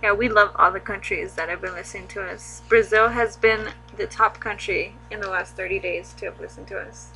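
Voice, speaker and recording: A woman's voice: mid-range voice, steady tone, a little fast, hardly any pauses, bright, forceful tone, soft background music, poor audio. A woman co-hosting a casual podcast, teasing and giggling. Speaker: podcast co-host. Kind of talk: casual chat.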